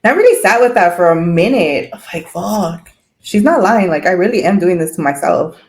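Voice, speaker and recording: A woman's voice: lowish voice, sing-song, fast talker, a little mellow. A woman speaking as a podcast guest in casual chat, candid, swearing freely and laughing often.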